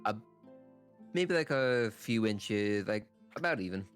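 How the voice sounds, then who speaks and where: Male game master, low-pitched, even and matter-of-fact. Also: a little slow, soft background music. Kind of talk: narrating a tabletop game.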